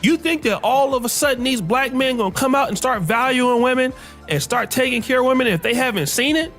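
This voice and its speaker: High-voiced man lecturing over faint music. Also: brisk, a bit bright. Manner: lecturing, repetitive emphasis. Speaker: commentator in a clip. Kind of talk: opinion commentary.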